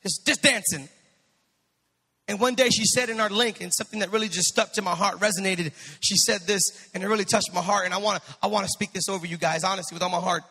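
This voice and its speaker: Male pastor, high bright voice, fervent sermon delivery, long church reverb. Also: fairly even intonation, fast talker, breathy edge. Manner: preaching with rising fervor, swinging from soft to shouted.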